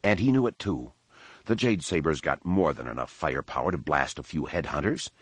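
A man's voice: rumbling low, animated, fairly quick, slightly rough, no room sound, pitched below the performer's own voice, heavily acted. Man voicing a resolute woman Jedi pilot. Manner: resolute, firm. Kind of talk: audiobook character voice.

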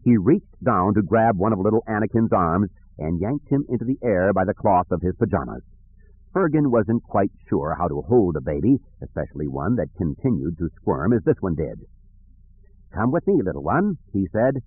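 A man narrating an audiobook in a measured, even storytelling manner. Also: low voice, slightly rough, no echo. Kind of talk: scripted narration. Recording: dry tinny phone-like recording.

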